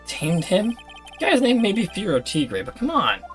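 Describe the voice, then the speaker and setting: A man's voice: high voice, wildly swooping pitch, normal speed, soft background music, pitched above the performer's own voice. A man voicing a jittery young male defense lawyer, stammering and defensive as he reads game dialogue aloud. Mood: incredulous.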